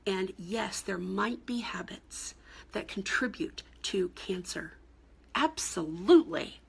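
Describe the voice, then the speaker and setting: Middle-aged woman coach, raspy and gravelly, talks straight and blunt with flashes of exasperation. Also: medium pitch, slow. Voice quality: gravelly, very husky voice. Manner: blunt, exasperated, emphatic with rising outbursts. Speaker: cancer coach. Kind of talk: direct-to-camera advice talk.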